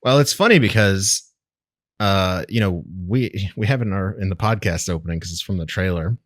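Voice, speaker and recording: Low-voiced man, podcast co-host. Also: moderate pace, no echo, studio quality. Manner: chatty, animated, amused. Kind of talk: casual podcast chat.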